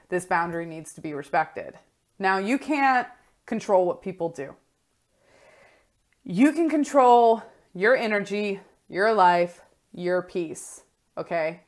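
Frank woman life coach, 30s, casual blunt solo talk with swearing. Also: on the low side.

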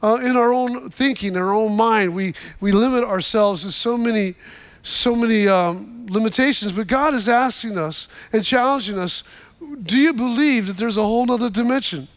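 A man's voice: high voice, normal speed. A man preaching a sermon as pastor. He tells stories to the congregation and often restarts his words. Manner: storytelling, repeats words in restarts, calls for amens.

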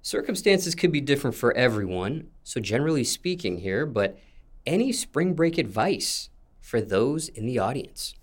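A man's voice: mid-range voice, big pitch swings. Formal man asking interview questions. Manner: formal, measured phrasing of questions.

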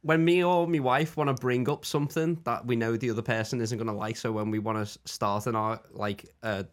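A man's voice: medium pitch, steady tone, a little fast. A man hosting a podcast in a shed, trading jokes and confessions in casual chat. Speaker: podcast host. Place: shed set up as a podcast studio.

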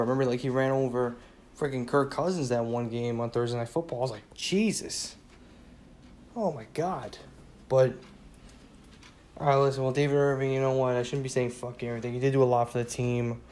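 A man's voice: mid-range voice, darkish tone, slight background noise. A man talking alone in a casual sports rant, rambling, repeating "you know" a lot and swearing when he gets worked up. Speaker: sports fan podcaster.

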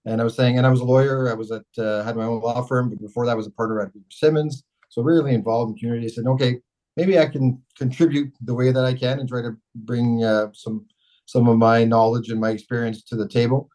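Middle-aged man from Canada, mayor on a podcast; quick, chatty, keeps restarting his sentences. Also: mid-range voice, rough recording. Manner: rambling, self-correcting, animated storyteller. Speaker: mayor, interview guest. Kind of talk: casual storytelling interview.

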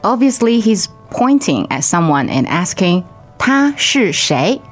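A woman teaching in a podcast lesson, speaking slowly and carefully and repeating each phrase. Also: medium pitch, big pitch swings, soft background music. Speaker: language teacher, co-host. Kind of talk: slow lesson dialogue and drills.

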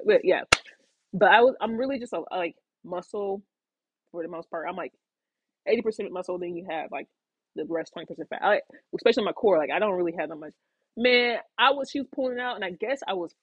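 A woman's voice: medium pitch, husky, dry recording, phone-quality sound. A woman hosting her own podcast, telling a personal story in a rambling, casual way with lots of fillers, restarts and acted-out quotes. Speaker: podcast host.

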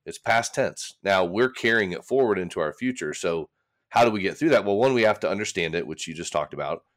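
A man's voice: deep voice, animated, fairly quick. A man, a recovery coach speaking candidly in a casual conversation, rambling and acting out his own inner voices. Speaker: recovery coach, podcast guest.

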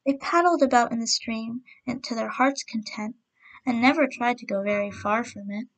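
A woman narrating a folk tale as storyteller host, reading in a gentle, measured way. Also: fairly high pitch.

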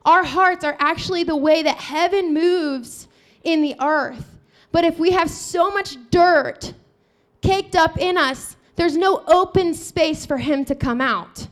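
A woman with a high voice delivers a sermon with animated energy, taking it slowly. She retells a scripture story, performing the dialogue herself and jumping between the different voices.

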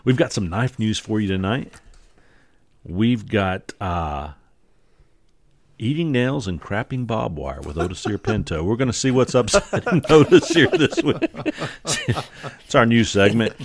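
A man's voice: fairly low pitch, big pitch swings, unhurried. A man hosting a podcast in casual chat, rambling and jokey with lots of fillers. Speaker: podcast host.

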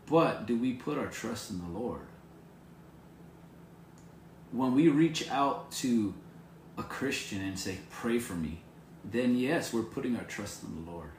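A man's voice: mid-range voice, animated, takes it slowly, pauses often, roomy sound, a little hiss or hum. A man preaching an informal devotional sermon to viewers on camera, earnest and encouraging, repeating his phrases. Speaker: pastor.

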